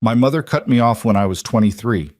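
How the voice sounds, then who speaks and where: A man's voice: mid-range voice, brisk, darkish tone, no room sound, studio quality, natural voice. A man voicing a blunt, hardened young mafia man who speaks tersely and steadily. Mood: calm.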